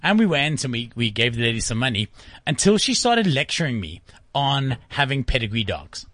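A man ranting casually on a radio talk show, animated and laughing as he goes. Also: medium pitch, normal speed, no room sound, studio quality. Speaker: guest commentator.

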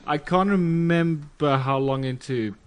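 A man's voice: on the high side, unhurried. A man co-hosting a podcast, chatting casually and poking fun at himself, with hesitant ums. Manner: sheepish, self-deprecating, hesitant with ums. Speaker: podcast co-host.

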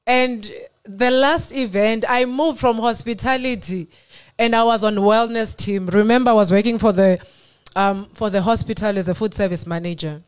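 A woman from South Africa telling her faith testimony on a radio talk show, earnest and animated. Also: mid-range voice, normal speed, smooth. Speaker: guest sharing testimony.

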